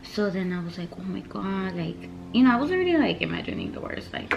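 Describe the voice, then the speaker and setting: Chatty young woman with a gravelly edge. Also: medium pitch, sing-song, a little fast, few pauses, over loud music, rough recording. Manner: rambling, filler-heavy, mixes English and Spanish. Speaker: vlogger. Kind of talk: casual storytime.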